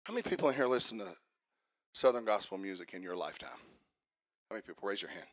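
A man preaching a fiery sermon, swinging from hushed asides to shouted emphasis. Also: on the low side, big pitch swings, quick pace.

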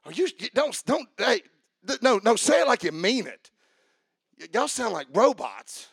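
A male preacher with a very high, gravelly voice delivers a sermon. He drops to quiet, conversational asides and then climbs to shouted, chanted peaks while coaching the congregation. The sound is dry and close. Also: big pitch swings, normal speed, no room sound.

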